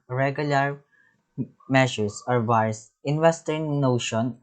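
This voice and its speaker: A male music teacher works through his slides one term at a time, reading each definition aloud. He goes slowly and breaks off mid-word to start again, in a voice of ordinary middle pitch. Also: poor audio. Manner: halting, reads terms and definitions with restarts.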